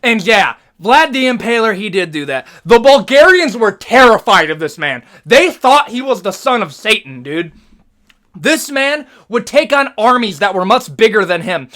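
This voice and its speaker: A young American man with an American accent giving slangy, animated tier-list commentary as host, swearing freely. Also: high voice, normal speed. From United States.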